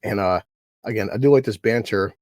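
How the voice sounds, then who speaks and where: A man's voice: fairly low pitch, fairly quick, background noise. A man hosting a casual show recap chat, rambling and swearing, acting out lines from scenes. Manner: rambling, profane, acts out scene quotes. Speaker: podcast host.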